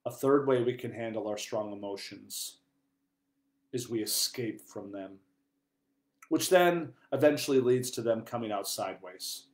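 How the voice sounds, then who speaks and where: Earnest priest preaching in an echoey room. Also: male voice, lowish voice. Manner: earnest, wide swings from hushed to loud. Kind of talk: sermon.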